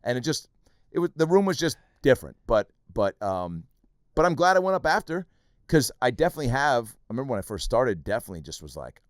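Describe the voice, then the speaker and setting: Lower-pitched man gabbing fast on his podcast, swearing a lot, voice bouncing all over, dry close sound. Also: no echo. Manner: animated, profane, rapid storytelling. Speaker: podcast host, comedian. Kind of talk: casual chat, storytelling.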